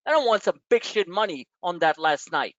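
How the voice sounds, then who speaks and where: A man's voice: high voice, sing-song, moderate pace, a bit bright, dry recording. Blunt, ranting New man. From New York. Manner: frustrated, blunt, profane, lecturing. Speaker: trading webinar host. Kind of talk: live webinar rant. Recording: dull dry lo-fi webinar audio.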